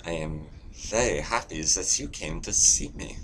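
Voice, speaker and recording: A man's voice: low-pitched, animated, moderate pace, a bit bright, a little hiss or hum. A man doing a menacing German character in a put-on German accent. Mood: leering. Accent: mock German.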